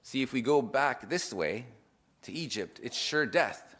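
A man's voice: mid-range voice, expressive, measured pace, a bit bright. Earnest man preaching an informal sermon. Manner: earnest, reads scripture aloud then explains it with restarts.

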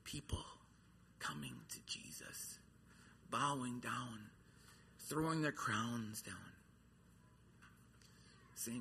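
A man's voice: medium pitch, big pitch swings, drawn-out words, pauses often, bright, forceful tone, slight background noise. A man preaching a sermon, earnest, his voice rising and falling in intensity. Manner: earnest, rises and falls in intensity.

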